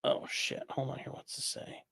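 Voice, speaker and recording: A man hosting a livestream, reading out viewer questions and answering them in a rambling, offhand way that often trails off quietly. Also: moderate pace. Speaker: livestream host reading chat. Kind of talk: casual live chat.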